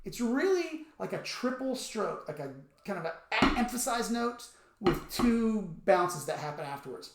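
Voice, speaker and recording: Gravelly guy teaching drums, counting out loud, echoey room, sticks clicking loud. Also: sits high, sing-song, a little slow, slight background noise. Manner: calls out strokes and counts aloud while playing. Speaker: drum teacher. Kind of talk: instructional demonstration. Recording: roomy echo with loud stick clicks on a practice pad.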